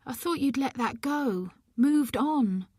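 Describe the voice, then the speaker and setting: A woman voicing a gentle, grieving mother in her seventies who pleads softly and tearfully with her daughter. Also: high-pitched, animated, slow pace, slightly rough, dry recording, clean studio sound, pitched above the performer's own voice, heavily acted. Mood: pleading.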